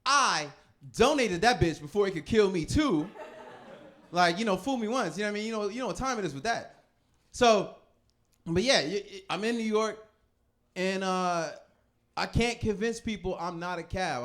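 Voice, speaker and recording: A man in his thirties doing a stand-up comedy set, telling loose, laughing stories and switching quickly into other people's voices. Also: sits high, a bit bright.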